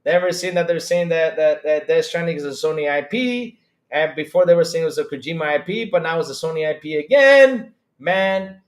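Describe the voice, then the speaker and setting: A man hosting a live-stream gaming podcast, loud and excitable, swearing often. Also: fairly high pitch, a little fast. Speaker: podcast host. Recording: roomy echo.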